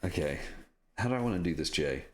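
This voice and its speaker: A man's voice: sits low, expressive, fast talker. A man chatting casually on a live stream while signing prints, self-deprecating and swearing often.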